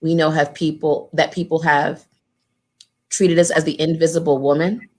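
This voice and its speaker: Woman, low register, earnest organizer type; casual, repetitive, emphatic delivery. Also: little pitch movement, normal speed. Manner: earnest and emphatic, repeats phrases for weight; casual and conversational, addresses the group directly. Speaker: community organizer and former political candidate. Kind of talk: heartfelt panel remarks.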